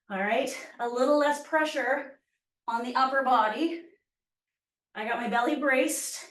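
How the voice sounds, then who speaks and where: A woman fitness instructor leading a workout class, cueing moves and counting down reps while out of breath. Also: high-pitched. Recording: echoey room, voice from far off mic.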